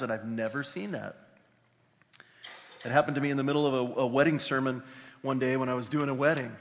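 A pastor preaching a conversational, animated sermon with exclamations. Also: male voice, mid-range voice, brisk, pauses often, a little hiss or hum. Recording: reverberant hall.

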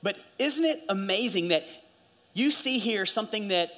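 With a high-sitting voice and a moderate pace, this middle-aged pastor preaches a sermon. His storytelling swings animatedly, and he performs the voices of those he quotes.

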